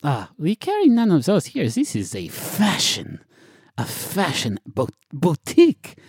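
A man's voice: wildly swooping pitch, unhurried, a little mellow, breathy edge, dry recording, studio quality, full character voice. A man voicing a sly female catfish shopkeeper who puts on French airs and talks theatrically. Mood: coy. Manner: theatrical, purring, swoops high and low. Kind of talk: tabletop role-play.

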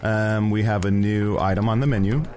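A man voicing a talking male badger shapeshifter with a dry, teasing deadpan. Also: on the low side, normal speed, natural voice.

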